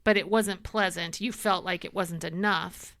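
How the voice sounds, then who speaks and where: Bright-voiced woman host, dry close sound. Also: lowish voice, steady tone, normal speed, gravelly, dry recording. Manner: chatty, recaps the story, laughs along. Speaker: podcast host. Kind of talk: casual interview chat.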